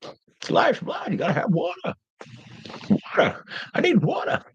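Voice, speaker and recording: A parched, pleading high voice. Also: male voice, huge pitch swings, measured pace, vocal fry, husky, highs cut off, heavily acted. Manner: pleading, melodramatic. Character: parched desperate man begging for water.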